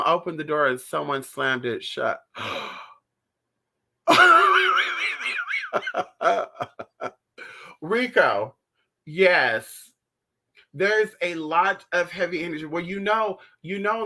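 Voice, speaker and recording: Sassy, animated man chatting on a livestream. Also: a little high. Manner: sassy, animated, profane, calls viewers honey; theatrical outbursts while retelling stories. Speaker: livestream host answering viewer chat. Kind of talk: casual livestream chat.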